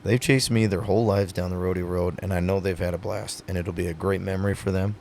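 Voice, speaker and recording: A man's voice: low voice, fairly even intonation, quick pace, creaky, a little mellow, a little hiss or hum. A man, a retiring pro rodeo athlete, talking earnestly in a casual podcast conversation, telling stories with many fillers.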